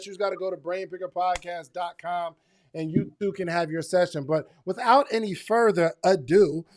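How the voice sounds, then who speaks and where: Hyped high-voiced man co-hosting. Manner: hyped, playful slang. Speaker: podcast co-host. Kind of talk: casual podcast chat.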